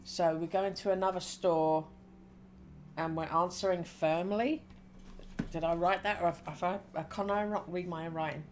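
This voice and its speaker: A woman's voice: fairly low pitch, fairly even intonation, moderate pace, slight background noise. A woman streamer reading a story game aloud and thinking aloud about her choices between lines.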